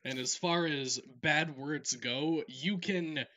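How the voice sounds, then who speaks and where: A man's voice: on the high side, takes it slowly, bright, forceful tone. A man who works as an esports caster, giving direct advice in casual podcast talk.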